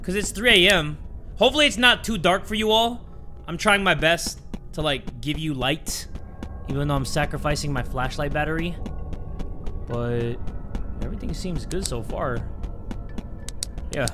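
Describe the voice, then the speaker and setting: Jittery high-voiced gaming man, music behind. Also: normal speed, long pauses. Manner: jittery, self-mocking, chatty. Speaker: gaming youtuber. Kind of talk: horror game commentary.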